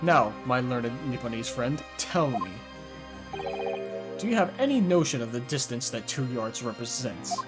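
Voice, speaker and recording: A man's voice: mid-range voice, animated, moderate pace, natural voice. A man voicing a haughty aristocratic prosecutor who speaks in a pompous, archaic way, with game music behind. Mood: scornful.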